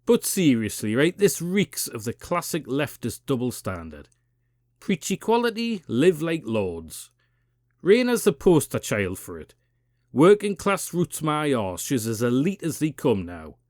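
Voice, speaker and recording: A man's voice: mid-range voice, huge pitch swings, measured pace, darkish tone, no echo, clean studio sound. Sweary, sarcastic Geordie man ranting. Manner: profane, sarcastic, combative. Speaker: political commentary channel host. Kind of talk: political rant.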